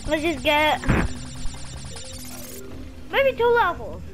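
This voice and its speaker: An excitable woman gives gameplay commentary in a high voice that swings up and down. She talks to herself and swears as she plays. Game music runs clearly behind her. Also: very slow. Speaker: gamer.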